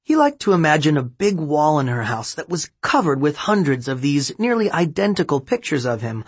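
A man narrates an audiobook in an even, gently expressive reading. His voice is husky. The recording is close and dry. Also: medium pitch, no room sound. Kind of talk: scripted narration.

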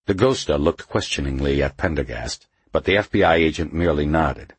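A male audiobook narrator with a very deep, husky voice. He reads slowly and steadily. The recording is close and dry, with no room sound. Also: dry recording.

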